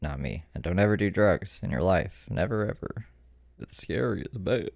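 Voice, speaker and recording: A man's voice: sits low, expressive, normal speed, creaky, a little mellow, no echo. A man hosting a live stream, chatting casually and joking to himself as he clicks through videos. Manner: chatty, jokey, talks to himself while clicking around.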